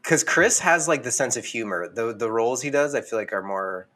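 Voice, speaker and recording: A man's voice: mid-range voice, lively intonation, a little fast, pushed and bright. A man co-hosting a casual podcast, rambling and playful, often laughing as he talks. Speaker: podcast co-host.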